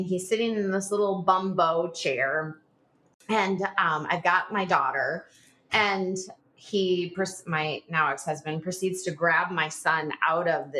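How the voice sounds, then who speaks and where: A woman in her forties, a podcast guest telling a personal story in a rushed, animated way, full of "like" fillers. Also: lowish voice, slight background noise. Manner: animated, talks in a rush with frequent "like" fillers.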